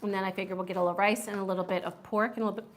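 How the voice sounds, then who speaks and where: A woman's voice: medium pitch, fairly even intonation, rapid-fire, noisy background. A woman hosting a casual live-stream food review, chatty and enthusiastic, reading viewer comments aloud.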